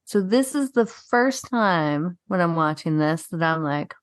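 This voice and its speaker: A woman's voice: on the low side, measured pace, dry recording, clean studio sound. A woman co-hosting a podcast in casual chat, telling a story animatedly with lots of swearing and "like". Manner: profane, animated storytelling, frequent "like". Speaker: podcast co-host.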